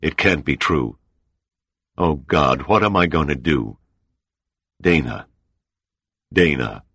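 A man voicing a shocked, grief-stricken man who speaks slowly. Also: a bass voice, expressive, fairly bright tone, husky, dry recording, full character voice. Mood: anguished.

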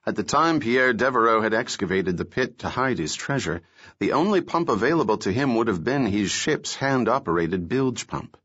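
A man reading a novel aloud as an audiobook, telling the story in a steady, measured way. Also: mid-range voice, breathy edge. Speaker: narrator. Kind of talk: scripted audiobook narration. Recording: dull lo-fi recording.

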